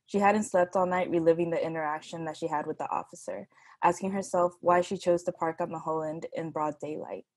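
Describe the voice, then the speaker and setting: Lady reading her story out, lowish voice, very dry. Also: fairly even intonation, a little fast, a little mellow, no echo. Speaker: workshop writer. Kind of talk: reading own fiction aloud.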